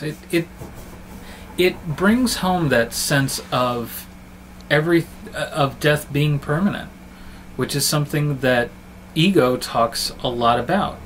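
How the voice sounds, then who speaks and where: A man's voice: fairly high pitch, a little hiss or hum, low-quality recording. A man talking casually and fondly in a film review vlog, rambling and restarting his sentences. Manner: chatty, fond and rambling, with frequent restarts.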